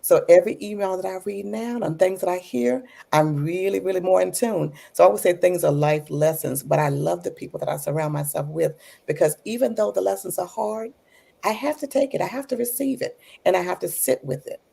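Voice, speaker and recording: A woman's voice: fairly low pitch, fairly quick, vocal fry, warm tone, breathy edge. A woman who is an author and educator, telling reflective personal stories in an interview and coming alive when she retells conversations.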